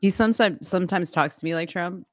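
A woman's voice: on the low side, quick pace, dry recording, clean studio sound. A middle-aged woman co-hosting a casual online talk show, chatty and laughing often, on a video call. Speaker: podcast co-host. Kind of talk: casual chat.

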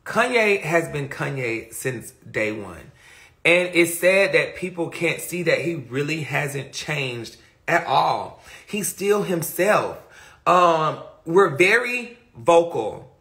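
A man's voice: a little high, lively intonation, slow pace, a bit bright. A man hosting a livestream rant, blunt and profane, reading chat comments aloud between points, speaking into a phone. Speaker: livestream host.

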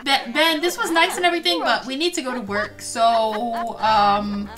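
A young woman casually commenting on her own game play, excitable and quick to gasp and laugh. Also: a little high, over music. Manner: excitable, frequent gasps and laughs. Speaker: gaming video host.

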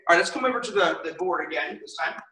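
A man's voice: sits high, animated, quick pace, bright, forceful tone, recorded from a distance. A man teaching an online martial arts class, calling out drills and encouraging students in a casual, upbeat way. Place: martial arts studio, indoors. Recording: echoey studio, voice from off-mic.

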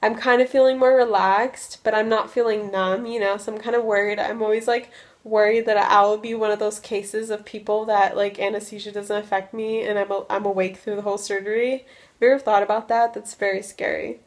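A woman's voice: mid-range voice, flat delivery, brisk. A young woman from Russia telling a story in a casual vlog, talking loosely with lots of filler words. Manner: chatty, many "like" fillers. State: a little loopy from medication. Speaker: vlogger.

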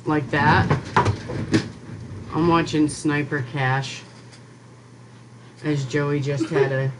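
A woman's voice: low-pitched, steady tone, drawn-out words, background noise. A woman in her forties, a mother playing video games with her son, chatting casually, teasing and scolding him. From Ohio, USA. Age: 40s. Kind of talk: casual gameplay chat.

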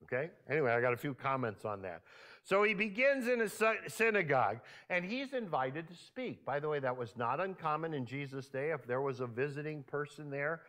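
A male pastor preaching from the pulpit of a church, talking to his people as if chatting with them. His voice is rather high and bright, and it rises and falls a great deal as he keeps tossing questions to the congregation. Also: sing-song, a little fast. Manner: conversational, asks the congregation frequent questions. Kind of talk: sermon. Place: church sanctuary.

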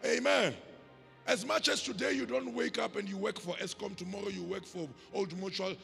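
A South African pastor preaching in a high, gravelly, raspy voice with a sharp, forceful edge. His delivery is emphatic and rhythmic, full of call-and-response to the congregation. The sound carries a long church-hall reverb with faint music underneath. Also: fairly even intonation, normal speed. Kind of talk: sermon.

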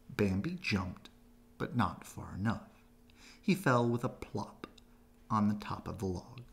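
Animated man reading a bedtime story. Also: lowish voice, unhurried, gravelly. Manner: gentle, expressive storytelling. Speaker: storybook reader. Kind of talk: children's read-aloud.

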